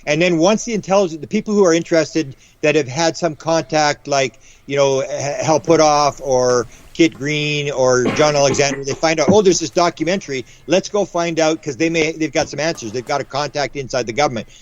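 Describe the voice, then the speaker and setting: A man as guest author in a casual interview, rambling with quick restarts and acting out the voices he quotes. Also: fairly high pitch. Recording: dull lo-fi audio.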